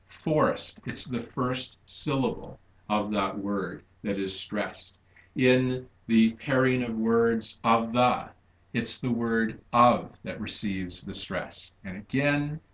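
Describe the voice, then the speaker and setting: Male lecturer, low-ish voice, unhurried, methodical, reverberant classroom sound. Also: fairly bright tone. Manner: slow, deliberate, emphasizing stressed syllables. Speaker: literature lecturer. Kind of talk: recorded lecture. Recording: echoey room.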